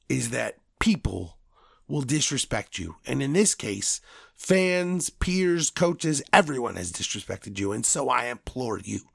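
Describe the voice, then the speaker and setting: A man hosting a podcast, delivering a loud, profane, angry sports rant. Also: mid-range voice, gravelly, husky, no echo, studio quality. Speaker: podcast host.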